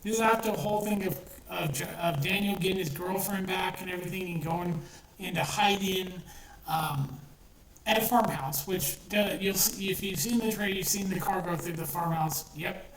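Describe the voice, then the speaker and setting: A woman's voice: on the low side, moderate pace. A woman giving a blunt, profane, exasperated movie review with lots of restarts. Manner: blunt, swears often, exasperated ranting with restarts. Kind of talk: ranting casual film review. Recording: echoey room, voice a bit far from the mic, faint noise.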